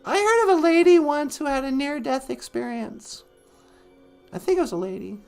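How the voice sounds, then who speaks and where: A man voicing a chatty, giggly aunty who hosts a comedic call-in show, rambling in a high, sing-song voice. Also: expressive, normal speed, vocal fry, a little mellow, faint music behind, exaggerated voice. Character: chatty, giggly middle-aged aunty woman. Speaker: host.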